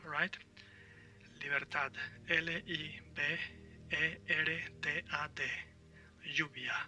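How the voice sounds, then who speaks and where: A man's voice: fairly high pitch, level tone, slow, bright, forceful tone, distant mic, faint music behind. A man who speaks Spanish natively, teaching a recorded language lesson, spelling words letter by letter and encouraging learners.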